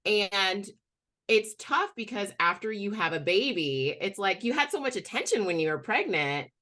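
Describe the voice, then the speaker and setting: A woman's voice: mid-range voice, very animated, normal speed, a bit bright. A woman on a webinar speaking in a candid, emotional way. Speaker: webinar co-host. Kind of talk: personal story on a webinar.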